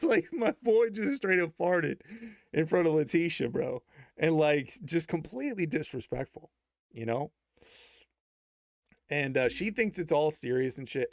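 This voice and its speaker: A man casually telling a story, slangy and full of fillers, getting loud and high with disbelief. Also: dry recording, studio quality. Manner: animated, rising to high-pitched disbelief, laughs while telling; slangy, many fillers and repeats.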